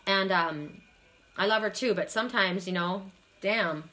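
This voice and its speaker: During a live card reading, a middle-aged oracle card reader speaks in an unhurried, mid-range voice over background noise. Tired and emotional, she chats with viewers and often repeats herself.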